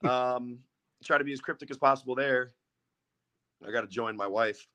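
A man's voice: mid-range voice, normal speed, bright, forceful tone. A man in his thirties, a guest on a casual podcast, joking and mocking himself, swearing freely. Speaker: podcast guest, football quarterback.

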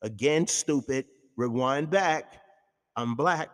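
Guy ranting hard on his talk show, voice sits kinda high, cussing a lot, long reverb on it. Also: a little slow. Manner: heated, profane, ranting. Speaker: radio show host. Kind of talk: impassioned talk-show monologue.

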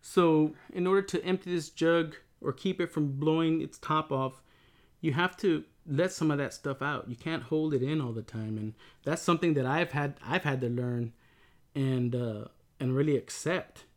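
A middle-aged man muses about relationships in a loose, meandering way, circling back and restarting his thoughts. His voice sits a little higher than most men's. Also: normal speed. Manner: rambling, reflective, many restarts. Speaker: co-host talking with his wife. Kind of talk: casual relationship talk.

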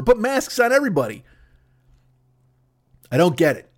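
A man's voice: high-pitched, wildly swooping pitch, moderate pace, long pauses. A man hosting a podcast, delivering a profane, comedic rant monologue. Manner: profane, ranting, swears constantly. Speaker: podcast host.

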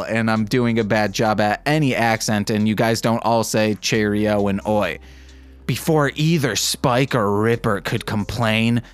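A man hosting a podcast, reading fan fiction aloud and breaking off for wry, self-mocking comments. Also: on the low side. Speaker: podcast host.

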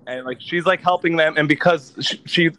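A man's voice: on the high side, moderate pace, bright, forceful tone, slight background noise, low-quality recording. A man in casual chat, retelling a movie plot in a rambling way, swearing often and using lots of filler words.

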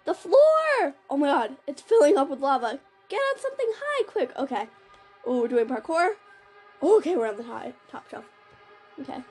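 A woman narrates her game as she plays, her high voice swooping up and down. She gasps and reacts on the spot. Soft game music plays behind her. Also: moderate pace. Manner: excitable, gasping, jumpy reactions. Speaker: gamer narrating her play. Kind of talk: live game commentary.

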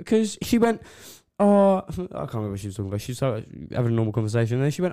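A young man co-hosting a casual chat podcast, his pitch bouncing up and down as he talks. He laughs often and acts out the people in his stories. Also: very fast, clean tone. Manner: giggly, lively storyteller. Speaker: podcast co-host.

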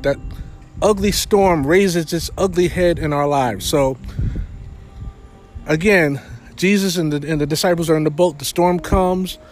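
A man preaching a sermon in a conversational way, retelling a Bible story with frequent fillers. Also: on the high side.

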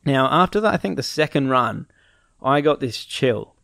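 A man's voice: mid-range voice, expressive, normal speed, creaky, fairly bright tone, no echo, clean studio sound. A young man casually telling a story, acting out his friends' lines and laughing often.

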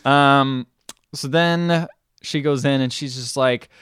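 A man's voice: mid-range voice, steady tone, slow pace, fairly bright tone, clear, resonant tone, dry recording. A man hosting a podcast, rambling and correcting himself as he recaps a confusing movie. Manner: rambling, self-correcting storyteller acting out scenes. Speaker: podcast host. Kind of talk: casual chat recapping a movie.

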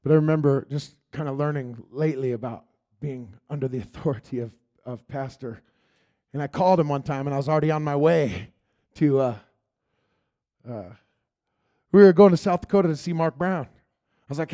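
A man's voice: a little high, normal speed, mellow. A man giving an earnest, rambling church testimony that drifts into spoken prayer, repeating "Lord God.".

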